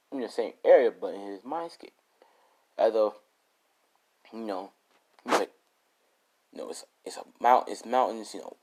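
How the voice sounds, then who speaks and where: A man with a fairly low voice tells an improvised fan story, rambling from one beat to the next. He fills every pause with loose fillers, casual and unscripted. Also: darkish tone, rough recording. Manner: rambling, full of "you know". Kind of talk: improvised spoken fan fiction.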